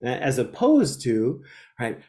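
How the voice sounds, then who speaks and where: Animated man with a lively voice. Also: medium pitch, slow. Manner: animated, laughs often, asks rhetorical questions with "right?". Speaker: guest, mindfulness teacher. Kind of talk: conversational interview.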